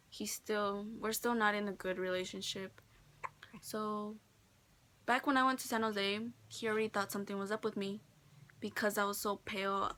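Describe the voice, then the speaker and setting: A teenage girl vlogging casually from a bedroom, telling a personal story softly with many fillers, sometimes dropping near a whisper. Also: medium pitch, gravelly. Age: teens. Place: indoor bedroom, holding a baby. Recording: noticeable background noise.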